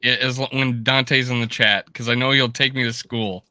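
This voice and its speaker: Bright, crisp-voiced man on a podcast. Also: mid-range voice, steady tone, moderate pace, dry recording, clean studio sound. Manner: self-deprecating, rambling. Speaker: podcast host. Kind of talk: casual sports podcast chat.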